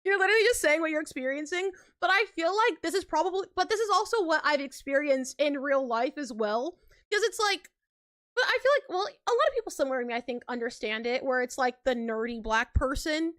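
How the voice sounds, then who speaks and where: A young woman chatting casually on a live stream, animated and slangy, laughing often between lines. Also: high-pitched, a little fast, no room sound, clean studio sound.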